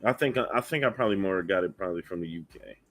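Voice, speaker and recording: A man's voice: sits low, expressive, quick pace, a bit bright. Upbeat man hosting a livestream. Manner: upbeat, reads viewer donations aloud. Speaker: livestream host. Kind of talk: casual livestream chat.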